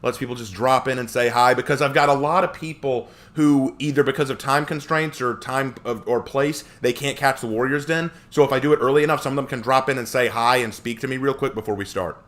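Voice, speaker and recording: A man's voice: medium pitch, a little fast, few pauses. A man live streaming who chats casually with viewers, reads their comments aloud and jokes around. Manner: animated, joking.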